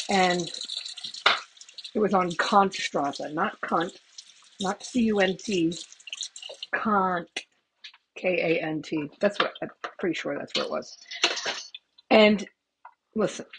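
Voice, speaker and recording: Chatty storytelling woman with a low voice. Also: background noise. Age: middle-aged. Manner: chatty, swearing, laughing asides. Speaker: podcast host. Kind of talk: casual storytelling. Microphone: headset microphone.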